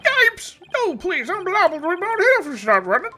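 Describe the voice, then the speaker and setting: A streamer voicing a boastful, jumpy thief witness in a video game, with a high, folksy drawl. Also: huge pitch swings, fairly quick, pushed and bright, soft background music, full character voice. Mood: panicked. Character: nervous twangy old thief witness, boastful.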